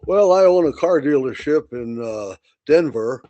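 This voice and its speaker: A man's voice: on the high side, animated, a little slow, dark tone, no echo, muffled recording. A man doing a plain dinner guest. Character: friendly male businessman at dinner.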